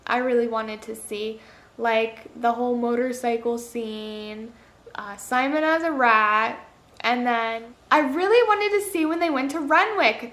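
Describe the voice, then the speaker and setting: A woman's voice: sits high, fairly bright tone. A woman reviewing a movie in a casual vlog, chatty and full of "like" fillers, acting out her own reactions. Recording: echoey room.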